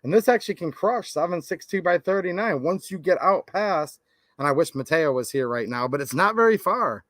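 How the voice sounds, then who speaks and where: A man's voice: a little high, expressive, a little fast, fairly bright tone, no room sound. A man hosting a gun channel, venting and chatting casually with lots of "like", in his thirties. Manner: rambling, laid-back, lots of "like".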